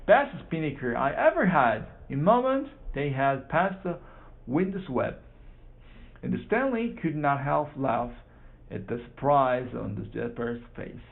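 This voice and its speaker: A man reading a children's book aloud for practice, halting, repeating and correcting words. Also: mid-range voice, animated, creaky. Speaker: reader. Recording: tinny phone-like sound.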